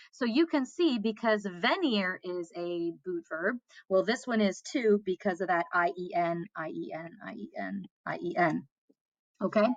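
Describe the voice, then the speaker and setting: A woman's voice: medium pitch, dry recording, lo-fi sound. A woman French teacher explaining grammar to her class in a patient way, often checking in with "okay?" and repeating key points. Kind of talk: classroom lesson.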